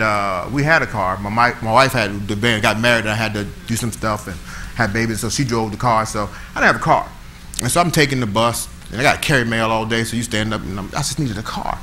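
A middle-aged man, preaching a conversational, animated sermon with call-and-response to a church. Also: medium pitch, a little hiss or hum, low-quality recording. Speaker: pastor. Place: church sanctuary.

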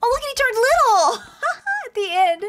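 A woman giving bubbly, excitable commentary while playing a video game, gasping and squealing as she reacts. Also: very high voice, moderate pace, loud music behind the voice. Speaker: gaming video host.

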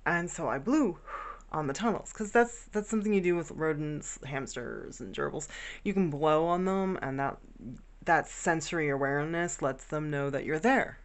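A woman's voice: sits low, normal speed. Chatty woman telling pet stories. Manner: chatty and rambling, fond of her pets. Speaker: vlogger. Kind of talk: casual storytelling. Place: home bedroom.

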